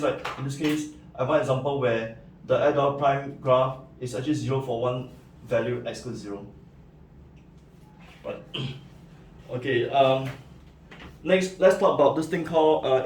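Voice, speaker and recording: Speaking at a mid-range pitch with a somewhat dark tone, a man explains math one step at a time in a recorded lecture, punctuating with "right?" and "okay." A distant mic picks him up in an echoey room, with a little hiss or hum.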